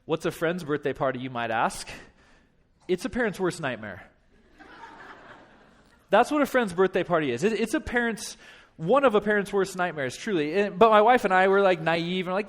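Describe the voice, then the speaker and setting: A man in his thirties, a pastor telling a funny story in a sermon, animated and self-deprecating. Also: high voice, moderate pace, pauses often. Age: 30s. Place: church.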